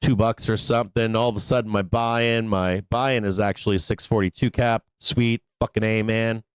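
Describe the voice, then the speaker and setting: Profane, laid-back trading stream host. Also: male voice, on the low side, steady tone, moderate pace, clear, resonant tone, dry recording. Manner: profane, casual, laughs often, talks to himself as viewers. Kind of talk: live market commentary stream.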